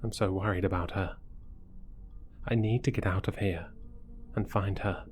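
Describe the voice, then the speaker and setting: A man reading a horror story aloud in a measured, scripted narration. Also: low-pitched, steady tone, a little mellow, soft background music. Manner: slow, measured storytelling delivery.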